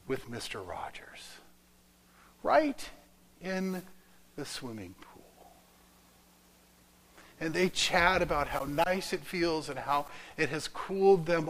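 A man preaching a sermon through a story, rising loud and then dropping to a whisper. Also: high voice, poor audio. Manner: dramatic, swinging from loud to whispered.

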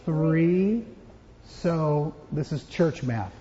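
A man's voice: a little high, animated, extremely slow, dark tone, in a large hall, dull audio, a little hiss or hum. A man giving a children's sermon as pastor, playful and joking with the kids. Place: church.

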